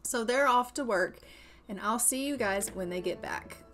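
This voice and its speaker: A woman narrating her life-sim gameplay in casual, chatty style, sarcastic and quick to exclaim. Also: fairly high pitch, a bit bright, a little hiss or hum. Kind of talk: casual let's-play narration.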